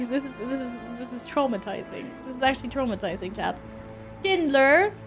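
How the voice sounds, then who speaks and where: A woman with a bright, high voice streams a game and talks straight to her chat. She is chatty and expressive, laughs easily, and keeps thanking supporters, with faint game music playing underneath. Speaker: livestreamer. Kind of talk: casual live-stream chat with viewers.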